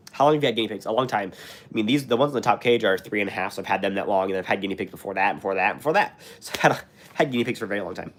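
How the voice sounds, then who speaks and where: A man's voice: lowish voice, rapid-fire. A young American man hosting a live stream, chatty and rambling, his throat scratchy and sore from being sick. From United States. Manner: rambling, many fillers and restarts. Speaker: channel host. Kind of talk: live stream chat, reading comments.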